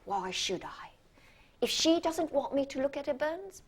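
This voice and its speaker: A woman playing a self-doubting hospital doctor in a stage monologue, halting and stammering with restarts. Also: sits high, expressive. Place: stage performance.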